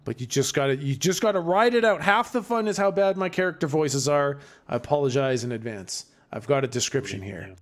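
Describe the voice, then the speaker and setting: A man's voice: fairly high pitch, lively intonation, fairly quick, hardly any pauses. A man acting as game master who narrates the scene in a casual, profane style.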